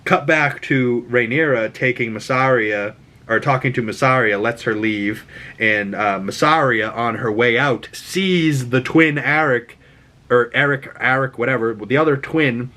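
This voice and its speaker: A man with a Boston accent hosts a casual recap of a TV episode, talking in a rambling, animated way full of fillers. His voice sits at a middle pitch. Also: measured pace. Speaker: host.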